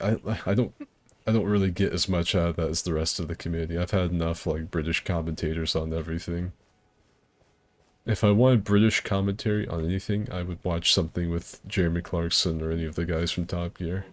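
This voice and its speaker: A man's voice: low voice, steady tone, a little fast. A man streaming a co-op game with friends, rambling in a laid-back way, swearing freely and laughing often. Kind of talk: casual gaming chat.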